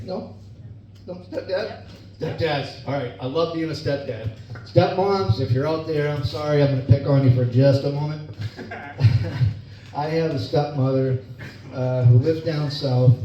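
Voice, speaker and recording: A middle-aged man performing a stand-up comedy set on stage, telling folksy stories and laughing at his own jokes. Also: fairly high pitch. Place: club or bar stage. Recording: echoey room, distant mic, dull, noisy.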